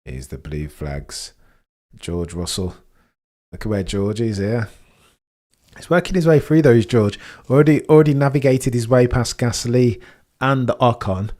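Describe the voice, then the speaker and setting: A man hosting a live stream, giving chatty, excitable race watchalong commentary and laughing often. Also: mid-range voice, measured pace.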